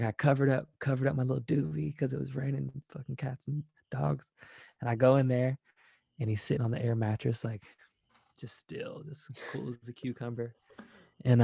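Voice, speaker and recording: A man's voice: mid-range voice, creaky, mellow, husky, dry recording, clean studio sound. A man, a former college basketball player, guesting on a podcast and telling rambling, profane stories in a laid-back way. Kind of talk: casual storytelling.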